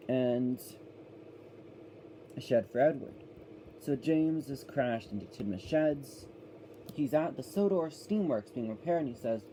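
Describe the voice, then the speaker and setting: A man's voice: medium pitch, animated, a little slow, long pauses, dark tone, slight background noise, poor audio. A man giving a casual, rambling review of a children's cartoon, often correcting himself as he goes.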